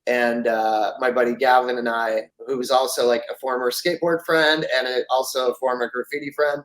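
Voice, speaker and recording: A man's voice: mid-range voice, fairly even intonation, moderate pace, a bit bright, rough recording. A middle-aged man from France, a guest telling long stories in a casual, rambling way, full of fillers. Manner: rambling, many fillers, acts out quoted voices. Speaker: interview guest. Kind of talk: casual storytelling interview.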